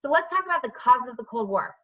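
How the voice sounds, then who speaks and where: A woman's voice: sits high, lively intonation, fast, dull audio. Woman teacher questioning her online class. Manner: asks students questions by name, says "right?" often. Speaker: history teacher. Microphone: computer mic on a video call.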